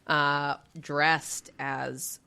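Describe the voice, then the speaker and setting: A woman co-hosting a podcast, telling stories in a chatty, animated way. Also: sits low, very slow, gravelly, smooth. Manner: chatty, animated storytelling, frequent fillers and swearing. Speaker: podcast co-host. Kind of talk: casual chat.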